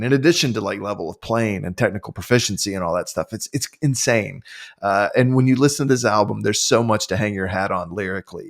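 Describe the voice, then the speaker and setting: Man, low voice, enthusiastic, casual podcast chat, filler-heavy. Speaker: podcast host. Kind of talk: casual chat about music.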